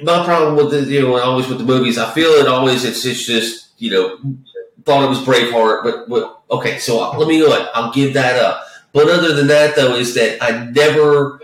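A man's voice: mid-range voice, a little fast. A man chatting casually about movies, rambling and swearing with many false starts. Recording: echoey room, far from the mic.

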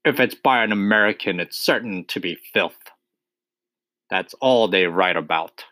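A man's voice: lowish voice, a little slow, bright, forceful tone, no room sound. Storybook reading: barking, bullying father, played by a man, dry and close. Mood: angry. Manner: snapping, barking. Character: bullying grumpy father, middle-aged man.

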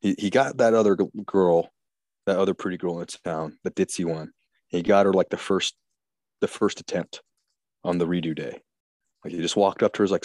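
A man's voice: sits low, a little fast, a little mellow, no room sound. A man talking in a crude, rambling, profane way in casual chat.

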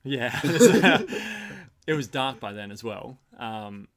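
A man's voice: mid-range voice, big pitch swings, slow, a crowd in the background. A young man talking as a podcast guest in casual chat, telling a story with dry jokes. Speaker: podcast guest, host's roommate. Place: storehouse.

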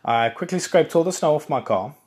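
A chatty man from South Africa hosts his own podcast alone, wandering from topic to topic and correcting himself often. His voice sits a little higher than most men's, and he breaks into excited bursts now and then. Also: fairly quick, husky. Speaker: podcast host. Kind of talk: casual solo podcast chat.

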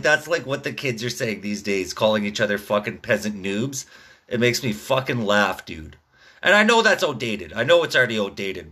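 With a bright, strained voice at medium pitch, a man in his thirties goes off on a loose, profanity-heavy rant. He keeps wandering off topic and ends lines with a drawn-out "dude" or "man."

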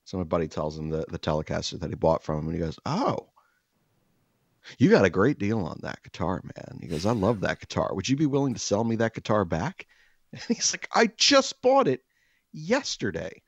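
A low-voiced man co-hosting a casual podcast who tells stories with lots of lively pitch swings. He jumps into the voices of the people he describes and laughs through the tense parts. The recording is dry and a bit dull. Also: fast, slightly rough, no room sound. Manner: animated storyteller who acts out quoted voices and laughs a lot. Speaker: podcast co-host. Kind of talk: casual storytelling chat.

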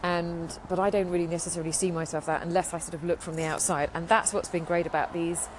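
An English woman hosts a podcast, chatting casually and rambling with frequent restarts. Her voice is lowish and fairly flat in pitch, and she talks fast. Background noise is audible.

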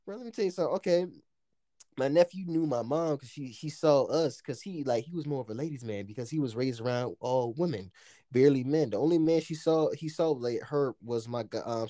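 Young US guy, slightly high voice, dry close sound, rowdy laughing storyteller. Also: no room sound. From United States. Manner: animated, profane storytelling with frequent laughter. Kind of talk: casual chat.

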